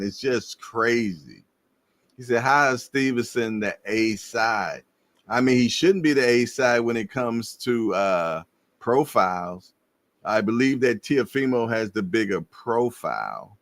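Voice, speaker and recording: A man hosting a casual boxing livestream, slangy and animated, laughing and repeating himself as he reads viewer comments. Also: medium pitch, dry recording. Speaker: livestream host.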